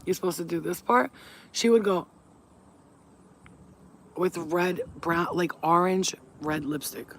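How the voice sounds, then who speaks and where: A woman with a deep voice, a spiritual reader, ranting bluntly and with plenty of swearing in a casual vlog. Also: slow, pauses often, slight background noise. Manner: blunt, profane, emphatic. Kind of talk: casual to-camera vlog rant. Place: at home, smoking on camera.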